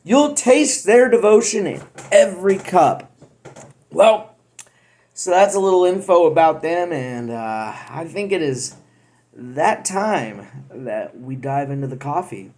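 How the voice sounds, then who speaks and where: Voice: medium pitch, lively intonation, takes it slowly, a little mellow. A coffee review vlogger casually reading a roaster's website aloud, correcting their own wording mid-sentence and tossing in joking asides. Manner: jokey asides while reading.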